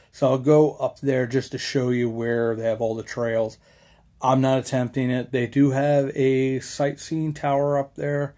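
A man's voice: mid-range voice, warm tone. A young man, rambling casually with many fillers as a local history vlogger. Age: young adult.

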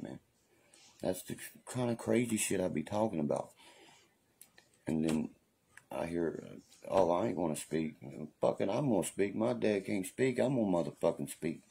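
A man with a very low, gravelly voice rants on a casual livestream. His tone is dark and husky. He swears freely, preaches defiantly and keeps checking in with his viewers. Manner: profane, repeats "you know what I mean". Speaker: livestream host.

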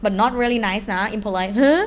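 A woman with a Thai accent, a native Thai speaker teaching a live online language lesson in an animated way. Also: mid-range voice, racing, noisy background. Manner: animated, switches between English and Thai examples.

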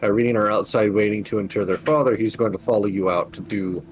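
A man's voice: lowish voice, steady tone, fairly quick, slight background noise, low-quality recording. A man narrating and describing scenes as game master of a tabletop game.

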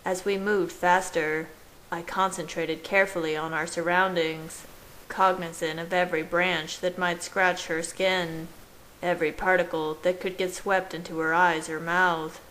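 Slow, low-voiced woman reading a story. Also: flat delivery, a little hiss or hum, poor audio. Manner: slow, gentle, measured reading. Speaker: fan fiction reader. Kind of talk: storybook narration read aloud.

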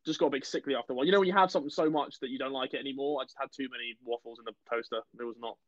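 A man's voice: medium pitch, fairly even intonation, racing, dry recording, highs cut off. A young man from Guernsey co-hosting a casual chat show, rambling, laughing often and poking fun at himself. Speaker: podcast co-host.

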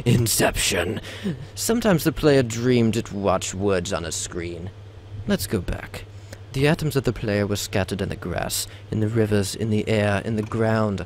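A man's voice: lowish voice, animated, a little slow, few pauses, slight background noise. A young man, host of a game video, giving a theatrical reading over gameplay, stumbling and tossing in joking asides. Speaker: let's play host.

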